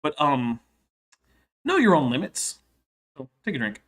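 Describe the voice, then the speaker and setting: A man giving sarcastic reaction commentary, with dry, mocking asides and deliberate pauses. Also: fairly high pitch, big pitch swings. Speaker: reaction video host.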